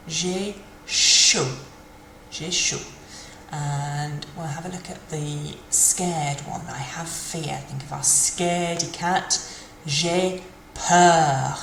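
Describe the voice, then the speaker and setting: A woman teaching a language lesson, speaking slowly and carefully and repeating each phrase for practice. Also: low voice, slight background noise. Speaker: French teacher. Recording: echoey room with faint ambience.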